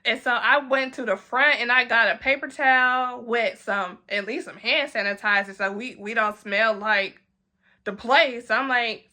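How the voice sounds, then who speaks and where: A young woman tells a story in a lively way, dropping into quick voices for her friends. Her tone is bright and sharp. She speaks in a casual vlog style. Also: a little high. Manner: animated, acts out friends' lines in quick quoted voices. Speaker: vlogger.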